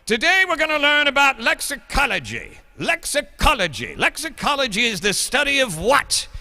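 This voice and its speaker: A man's voice: very high-pitched, big pitch swings, moderate pace, sharp tone, big-room sound, voice pushed up, heavily acted. A man voicing a stern English schoolteacher lecturing his class, in a put-on English accent and a theatrical, schoolmasterly manner.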